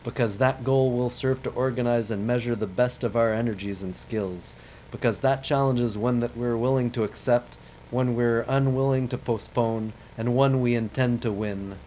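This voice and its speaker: A man doing a rough impression of a male president delivering a stirring, oratorical speech, staying close to his own voice. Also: mid-range voice, fairly even intonation, moderate pace, dark tone, slight background noise, lightly acted, low-quality recording. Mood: declaiming. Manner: declaiming, oratorical.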